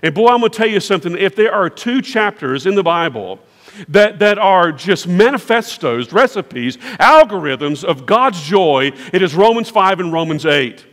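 A man's voice: sits high, big pitch swings, normal speed, fairly bright tone. A man preaching a sermon as pastor, with an emphatic, repetitive preaching cadence. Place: large church sanctuary. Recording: long church reverb.

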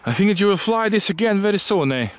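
A man's voice: high-pitched, animated, quick pace. A man co-hosting an outdoor model-flying session, giving short replies and reminders to the pilot. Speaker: co-host and spotter. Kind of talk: casual outdoor chat. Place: open field outdoors.

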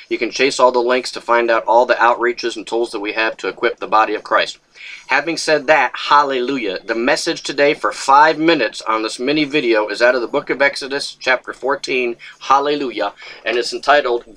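A man's voice: medium pitch, pushed and bright, low-quality recording. A man preaching a short video sermon as a pastor, fervent, breaking in with hallelujah and praise God, sometimes voicing a pleading churchgoer. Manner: acts out a pleading believer's voice.

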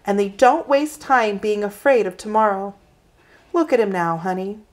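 Brief: tender, soothing storybook mother, soft and comforting, read by a woman. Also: medium pitch, moderate pace, natural voice.

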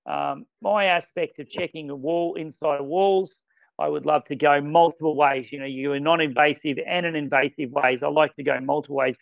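A man leads a casual product training session, excited and quick to exclaim. His voice sits a little high with a heavy gravelly fry. The recording is dry and dull, a bit lo-fi. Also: no room sound. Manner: enthusiastic, exclaiming. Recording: dull lo-fi sound.

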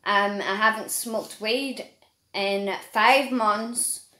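A Northern Irish woman talking earnestly to camera in a vlog, halting and searching for her words. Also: mid-range voice, fairly even intonation, bright, forceful tone. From Northern Ireland. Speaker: vlogger. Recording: echoey room.

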